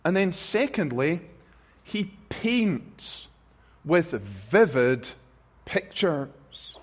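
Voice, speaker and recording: Slow, emphatic high-voiced male preacher. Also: sing-song, slightly rough. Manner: slow, emphatic preaching with words stressed one by one; repeats phrases for effect. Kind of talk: sermon.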